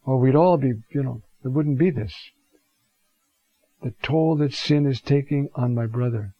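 A man teaching a Bible talk, reflective and unhurried, reading scripture passages aloud with emphasis. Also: mid-range voice, no echo. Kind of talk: scripture lecture. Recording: dull lo-fi sound.

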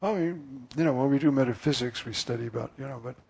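A priest giving an earnest, musing sermon, often pausing with fillers. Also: male voice, mid-range voice, creaky, a little mellow, husky.

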